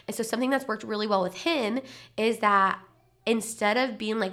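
A woman's voice: a little high, fairly quick, fairly bright tone. A young adult woman hosting a parenting podcast, talking candidly and encouragingly in a casual solo chat, heavily pregnant. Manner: candid, encouraging, chatty with lots of "like".

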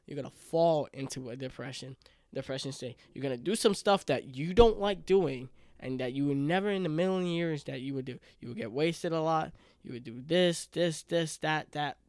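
Speaking at normal speed in a slightly high, somewhat mellow voice with no echo, a young man in his 20s hosts a solo podcast. His talk is sincere and emotional, full of restarts and moments where he chokes up.

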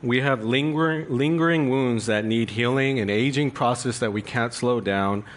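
A man's voice: medium pitch, moderate pace. A male pastor preaching a sermon in an earnest, confessional way, building emphasis through rhetorical questions.

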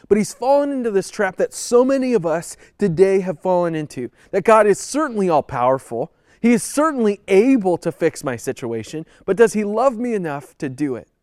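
A man with a somewhat high voice delivers a conversational sermon from the pulpit. He speaks earnestly, pressing his points with pleading emphasis. The recording is dry, with no room echo. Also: a little mellow. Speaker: pastor.

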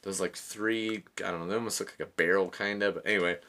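Man, 30s, casual storyteller, lowish pitch, bright forceful tone, laughs a lot. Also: fast. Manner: laughing, animated, swears often.

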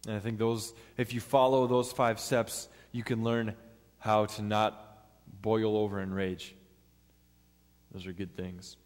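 A man's voice: lowish voice, flat delivery, a little slow, a little mellow. A man preaching a sermon in an earnest, step-by-step teaching manner. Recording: long hall reverb.

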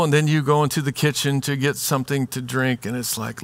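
A male pastor preaching a sermon in a conversational, animated way, acting out everyday examples for the congregation. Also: mid-range voice, brisk, few pauses, no echo.

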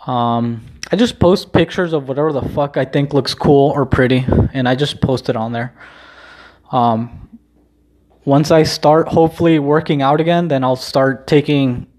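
A young adult man talking in a casual rambling vlog, halting and restarting often with many ums, swearing casually in a subdued, self-deprecating way. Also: medium pitch, darkish tone. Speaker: vlogger.

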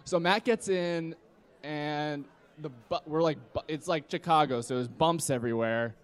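A man's voice: fairly high pitch, moderate pace, clear, resonant tone. A man in his twenties telling a drunken story on stage, rambling and acting out his friends' voices. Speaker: storyteller at a live comedy podcast. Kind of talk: live comedic storytelling. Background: live audience laughter.

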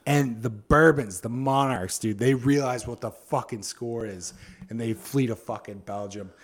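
A man's voice: mid-range voice, normal speed. Crude slangy male storyteller. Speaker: podcast host. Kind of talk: casual storytelling chat.

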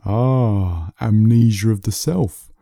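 A man voicing a calm, wise male lion who speaks gently and with quiet amusement in a bedtime story. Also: fairly low pitch, creaky, no room sound, clean studio sound, full character voice. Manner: calm, unhurried, gently teasing.

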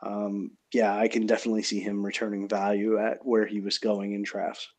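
A man hosting a casual podcast chat, measured and steering the discussion. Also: fairly low pitch, completely flat delivery.

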